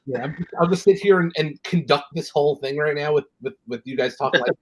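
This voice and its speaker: A man's voice: a little high, fairly quick, breathy edge, dry recording, low-quality recording. A man with a New York accent, hosting a casual chat and telling rambling stories with lots of restarts. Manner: rambling, chatty storyteller with many restarts. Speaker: host.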